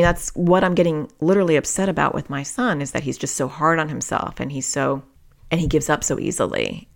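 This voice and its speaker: A middle-aged woman with a low voice and a gravelly edge hosts a solo parenting podcast. She talks candidly and reflectively, speaking straight to her listeners. Her delivery stays open and self-questioning.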